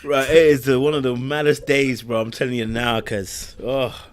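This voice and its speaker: A man's voice: medium pitch, flat delivery, normal speed. A man hosting a podcast panel, chatting casually with laid-back slang and plenty of fillers. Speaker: podcast host. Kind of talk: casual chat.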